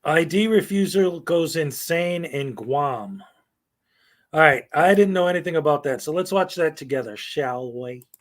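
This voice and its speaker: A middle-aged man talks through a live stream with a voice that sits a little high for a man. He rambles and gives strong opinions, drops fillers and short laughs, and runs his sentences together. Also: animated, unhurried. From United States.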